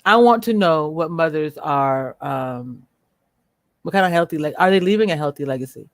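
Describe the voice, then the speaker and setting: A woman hosting a livestream, speaking bluntly and with profanity as she rants at viewers, slowing down to stress her words. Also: low voice, animated, dry recording, studio quality. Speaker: livestream host. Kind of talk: unscripted livestream commentary.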